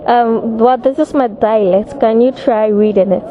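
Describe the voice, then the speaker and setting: A woman's voice: a little high, steady tone, measured pace. A woman hosting a casual street quiz, asking passers-by friendly questions. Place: outdoors on a city street. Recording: dull street recording with noise.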